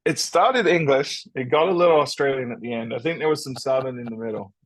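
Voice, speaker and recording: A man's voice: mid-range voice, fast talker, no room sound. A man co-hosting a podcast, talking casually and upbeat, often repeating words as he restarts. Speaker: podcast co-host.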